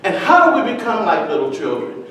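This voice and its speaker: A man's voice: high voice, a little fast, slight background noise. A man delivering a prepared motivational speech, telling a story and acting out its characters. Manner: storytelling with animated voices. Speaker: speech contest speaker. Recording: echoey hall, far from the mic.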